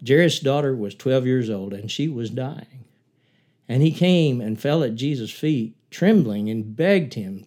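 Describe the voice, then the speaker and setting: An older man with a warm, mellow voice, sharing memories of his ministry. He retells scripture as a lively story and builds up force at the dramatic turns. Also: measured pace. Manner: earnest, rising in pitch and force as he retells the story. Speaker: former missionary preacher. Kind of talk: reflective talk and Bible storytelling.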